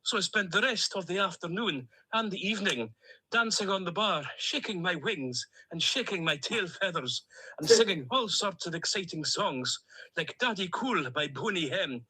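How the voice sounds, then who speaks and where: A chatty male plastic toy duck, voiced by a man tells his comic tale in a Stornoway Scottish accent. The voice sits high and sharply bright, with a husky, breathy grain. He rambles on in a cheerfully self-pitying way. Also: animated, moderate pace, heavily acted, poor audio. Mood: cheery, rambling. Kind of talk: comic character monologue.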